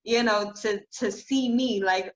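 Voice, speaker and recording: A woman's voice: medium pitch, measured pace, muffled recording. A woman hosting a podcast, talking in an effusive, emotional way and gushing with admiration. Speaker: podcast host. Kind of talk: casual conversation.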